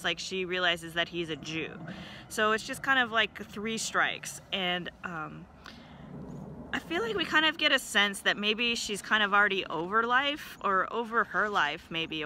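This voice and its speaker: Woman giving a bright, casual devotional talk. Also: medium pitch, slight background noise. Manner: conversational, questioning, frequent "right?" and "kind of" hedging. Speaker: devotional leader.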